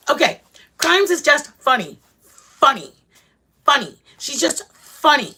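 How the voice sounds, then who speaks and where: A woman's voice: high voice, big pitch swings, measured pace, pushed and bright, husky. A middle-aged woman hosting a casual livestream chat. She talks bluntly and rambles, with lots of fillers and restarts. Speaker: channel host chatting with live viewers.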